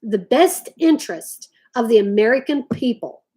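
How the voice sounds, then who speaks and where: A woman delivers a heated rant straight to her viewers. Her voice sits a little high, and she leans hard on her words, often drawling "y'all.". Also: lively intonation, normal speed, warm tone, husky. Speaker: vlogger talking to live chat.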